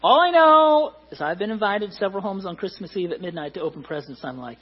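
Middle-aged man, pastor, husky tone, fairly high voice, chatty sermon, muffled recording. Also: expressive, fairly quick. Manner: conversational, joking with the congregation. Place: church hall.

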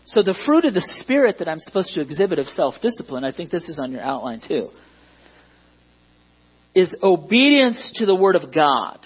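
A man's voice: high voice, sing-song, normal speed, breathy edge, muffled recording. A man preaching a sermon as pastor, conversational and self-deprecating, often asking the congregation questions.

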